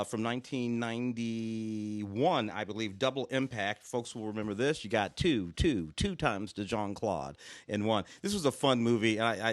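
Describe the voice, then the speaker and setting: A man's voice: fairly low pitch, no room sound. A middle-aged man co-hosting a film podcast, rambling with many restarts in casual chat. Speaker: podcast co-host, film critic.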